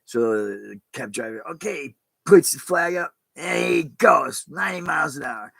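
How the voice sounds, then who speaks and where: A man's voice: a little high, lively intonation, normal speed, gravelly, pushed and bright, husky, no echo, low-quality recording. A man, a pastor, giving a casual, rambling sermon in plain spoken words with some mild cursing. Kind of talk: casual streamed sermon talk.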